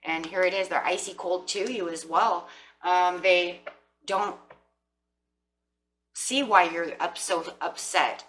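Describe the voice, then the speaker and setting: A woman's voice: fairly low pitch, steady tone, slow pace, pauses often, background noise. A woman giving a tarot reading, speaking straight to her viewers and voicing imagined lines from the people she describes. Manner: speaks directly to viewers, acts out imagined quotes. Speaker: tarot reader.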